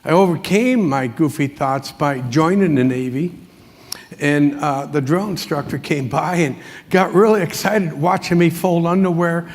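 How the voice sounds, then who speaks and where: A man's voice: a little high, measured pace. A man giving a motivational keynote in a large conference hall, telling folksy anecdotes and chuckling often. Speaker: motivational speaker. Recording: long hall reverb.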